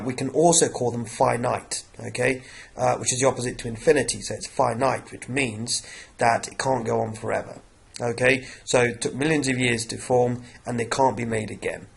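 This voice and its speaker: Croaky-voiced man teaching a revision lesson. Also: mid-range voice. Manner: repeats "okay" and "obviously" often. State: croaky from a cough.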